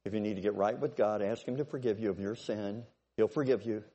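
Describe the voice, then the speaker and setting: A pastor in his sixties preaching a sermon, exhorting and building to forceful peaks. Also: lowish voice, fairly quick.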